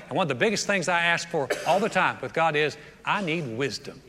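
A man preaching a sermon as a pastor, animated, repeating words and acting out prayers. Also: sits high, fairly quick, hardly any pauses, big-room sound.

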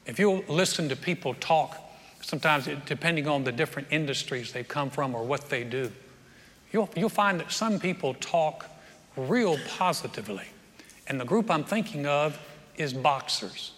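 A man's voice: on the high side, lively intonation, moderate pace, fairly bright tone. A man preaching a sermon in a folksy, joking, conversational way, now and then acting out what people say. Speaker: pastor. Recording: reverberant hall.

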